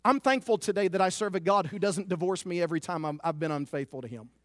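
A man's voice: high voice, fast, fairly bright tone, no room sound. A man preaching a sermon as pastor, earnest and confessional, often repeating a word as he goes.

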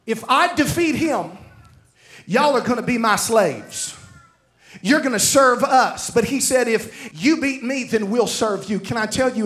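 A man's voice: very high voice, expressive, unhurried, a bit bright. A man preaching a sermon, retelling a Bible story with acted-out dialogue and calls to the congregation.

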